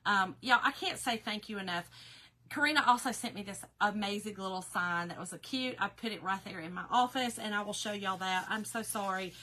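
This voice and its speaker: A woman's voice: medium pitch, a little fast, bright, forceful tone. A woman with a slightly nasal voice, chatting casually on a craft livestream and greeting viewers. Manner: chatty, emotional, reads viewer comments aloud.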